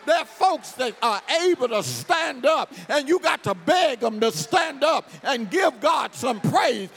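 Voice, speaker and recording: A male pastor delivering a sermon in a call-and-response style, shouting his points to the congregation and then dropping to quiet storytelling. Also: extremely high pitch, big pitch swings, a little slow, creaky, slightly rough, faint music behind. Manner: drops to quiet storytelling between outbursts.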